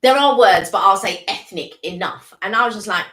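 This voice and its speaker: A woman's voice: medium pitch, lively intonation, fairly quick, few pauses, fairly bright tone, roomy sound. An English woman co-hosting a casual live-stream chat, talking in rambling runs that restart and trail off. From England. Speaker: co-host.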